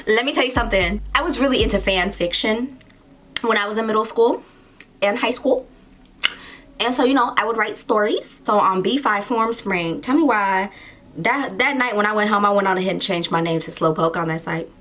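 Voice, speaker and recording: A young adult woman vlogger telling a story in casual chat, animated and chatty, with lots of "like"s and playful asides. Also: mid-range voice, normal speed, slight background noise. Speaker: beauty vlogger.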